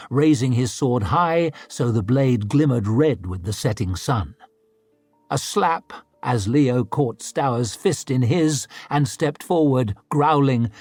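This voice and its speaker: Slow, measured male audiobook narrator. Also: medium pitch, no echo. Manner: measured, dramatic storytelling. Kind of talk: scripted dramatic narration.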